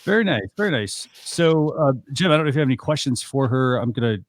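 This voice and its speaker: A man's voice: medium pitch, expressive, quick pace. Casual male talk show host. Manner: casual, loose, many fillers. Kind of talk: live talk show hosting.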